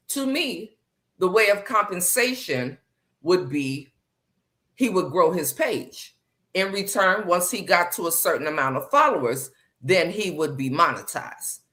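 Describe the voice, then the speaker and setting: A woman's voice: fairly low pitch, a bit bright. A woman hosting a casual live stream chat, greeting viewers by name and speaking emphatically, often repeating phrases.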